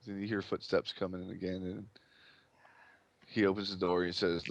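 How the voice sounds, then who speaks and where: A man's voice: low voice, little pitch movement, normal speed, slight background noise. A man narrating as game master in loose, casual speech with fillers.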